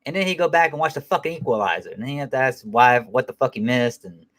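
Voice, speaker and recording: A middle-aged man talks through a film in a loose, unscripted way, peppering his sentences with profanity. He wanders, restarts, and corrects himself as he goes, in a voice of ordinary pitch for a man. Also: expressive, fast talker, fairly bright tone. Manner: rambling, profane, self-correcting. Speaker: film reviewer. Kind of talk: casual spoken film review.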